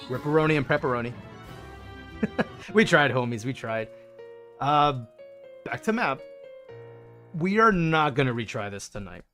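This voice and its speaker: A man's voice: mid-range voice, fairly bright tone. A man livestreaming a game, chatting playfully with his viewers and greeting them by name. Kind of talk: casual gameplay chat with viewers.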